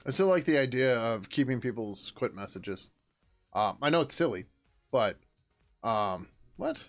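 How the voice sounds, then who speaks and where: A man's voice: mid-range voice, animated, a little slow, soft background music. A middle-aged man hosting a casual coding livestream, rambling and swearing now and then as he works at his desk. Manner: rambling, casual, swears, hums to himself while working. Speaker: livestream host and software developer.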